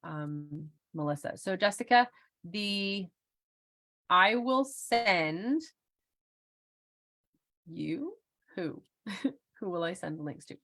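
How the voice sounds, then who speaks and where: This middle-aged woman leads a casual online workshop, laughing often and leaning on fillers as she chats. Her lowish, slightly bright voice is expressive but extremely slow, broken up by frequent pauses.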